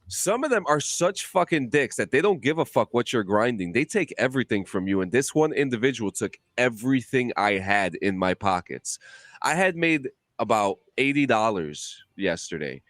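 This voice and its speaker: A man on a podcast telling a long gaming story in a casual, profane, animated way with many restarts. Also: medium pitch, normal speed, dry recording, clean studio sound. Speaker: podcast co-host.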